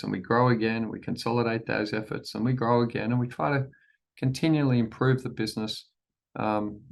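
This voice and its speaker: A man with a gravelly, fry-edged voice of ordinary pitch delivers a formal shareholder presentation. He speaks in a measured, deliberate way, circling back to the same phrases and often restarting mid-sentence with an "um". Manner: measured, repeats key phrases, frequent restarts and ums. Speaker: company chief executive presenting to shareholders.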